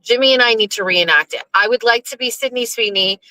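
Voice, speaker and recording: A middle-aged woman hosting a casual live stream, rambling, profane and animated, talking from her car in a driveway. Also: a little high, quick pace, no room sound, low-quality recording.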